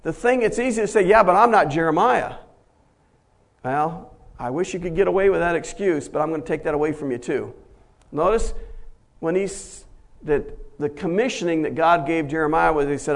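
A male pastor delivering a sermon in a fairly high voice. He preaches emphatically, climbing to loud, forceful peaks before falling back to quiet, low stretches. He acts out the voices of the figures he quotes. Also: moderate pace.

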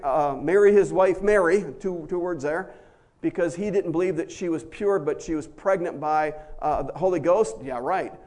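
Animated high-voiced man preaching a sermon. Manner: animated, acts out quotes in high excited voices with laughter. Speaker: pastor.

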